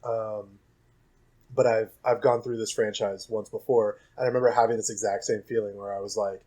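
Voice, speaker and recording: A man's voice: lowish voice, little pitch movement, normal speed, mellow, low-quality recording. A young man co-hosting a podcast, talking casually and thinking aloud about films. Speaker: podcast co-host. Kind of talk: casual film discussion.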